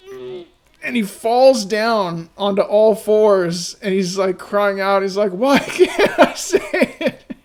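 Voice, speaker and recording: A man with a fairly high voice talks on a live stream about the game he is making. He rambles, loses his thread and restarts, and leans on "you know" and "right?" to keep the chat with him. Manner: rambling, filler-heavy, keeps checking in with "right?".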